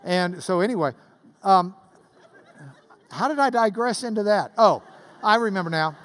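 A man's voice: high-pitched, animated, moderate pace, fairly bright tone. A man, preaching a sermon to a class, telling stories and building to passionate swells. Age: 50s. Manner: storytelling with swells of rising intensity. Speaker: pastor.

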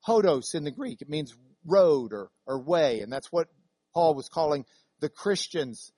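A woman's voice: low-pitched, animated, unhurried, warm tone, slightly rough, no room sound. A woman teaching a Bible class in a classroom, chatty and digressive, with many fillers and restarts. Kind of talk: classroom lecture.

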